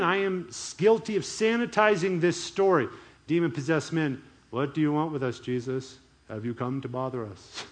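A man preaching a sermon in an animated, emphatic way. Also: on the high side. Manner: animated, emphatic, chuckles often. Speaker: pastor.

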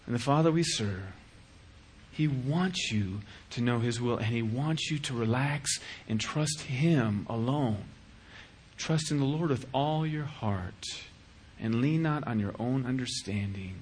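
A middle-aged man preaching a sermon as pastor, acting out little dialogues in an animated way. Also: mid-range voice, unhurried, slight background noise. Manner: animated, acts out dialogues with shifting voice.

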